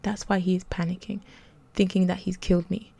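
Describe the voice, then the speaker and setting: A woman voicing a frail, sick young girl who speaks softly and breathlessly, half in a whisper. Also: lowish voice, little pitch movement, fairly quick, gravelly, breathy edge, dry recording. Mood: whispery.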